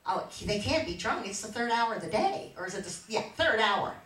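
A middle-aged woman preaching a fervent sermon, moving from quiet storytelling to shouted exhortation. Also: mid-range voice, lively intonation, a little fast. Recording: echoey church from far off.

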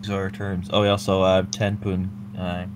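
A man's voice: low voice, moderate pace. A man co-commentating a race, rambling with lots of fillers and swearing. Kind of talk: casual chat on a race stream. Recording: steady hum under the voice chat.

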